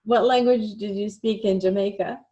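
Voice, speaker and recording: A woman's voice: medium pitch, steady tone, moderate pace, mellow. A woman hosting a podcast interview, listening attentively and laughing easily. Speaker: podcast host. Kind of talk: casual interview chat. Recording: dull lo-fi audio.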